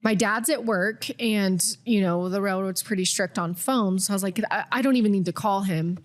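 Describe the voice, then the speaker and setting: A woman's voice: medium pitch, moderate pace. Young woman, podcast co-host, candid storytelling, full of fillers. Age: 20s. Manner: candid, filler-heavy with frequent "like". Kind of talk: personal storytelling.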